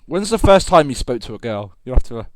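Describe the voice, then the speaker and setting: A young man co-hosting a casual podcast, laid-back and teasing, often trailing off quietly. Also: medium pitch, very animated, fast, crowd noise. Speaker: podcast co-host. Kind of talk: casual chat.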